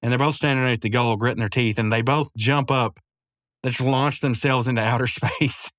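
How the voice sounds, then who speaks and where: A man's voice: medium pitch, fairly even intonation, brisk, a bit bright, dry recording, clean studio sound. A man recapping a cartoon episode in a rambling, casual way, chuckling often and full of fillers. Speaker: podcast host.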